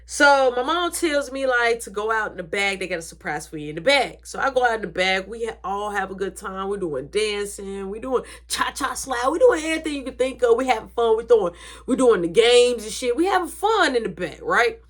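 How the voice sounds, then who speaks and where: A woman's voice: a little high, animated, fairly quick. A woman telling a story in a casual, dramatic way, swearing freely.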